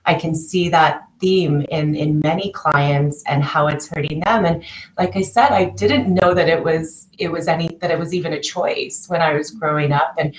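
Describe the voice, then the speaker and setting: A woman with a low-pitched voice speaks at normal speed as a podcast guest, a coach who works with clients, sharing personal stories. She's chatty, restarts often, and acts out the voices of people she quotes. The audio is rough, with an echoey room and slight background noise.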